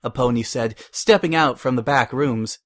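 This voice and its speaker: A man narrating a dramatic fanfiction reading in a steady storytelling manner. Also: medium pitch, normal speed.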